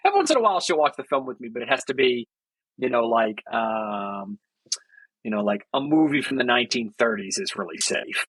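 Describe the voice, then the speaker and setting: A man who writes horror talks as a podcast guest, enthusiastic and thoughtful, often restarting his sentences. His voice is bright with a husky edge, recorded dry and close. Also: mid-range voice, expressive, a little fast, dry recording, poor audio. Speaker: author and guest. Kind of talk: casual interview chat.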